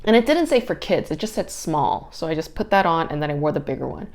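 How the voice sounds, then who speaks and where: A woman's voice: low voice, quick pace. A young woman hosting a podcast, telling a story casually with lots of swearing and exasperated ranting. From New York area. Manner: profane, exasperated, animated ranting. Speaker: podcast host.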